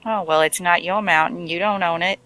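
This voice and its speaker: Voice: medium pitch, steady tone, a little fast, pushed and bright, close to an everyday voice. Player doing a brash, sarcastic tough-talking adventurer woman. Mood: needling. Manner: sassy, needling, tough-talking.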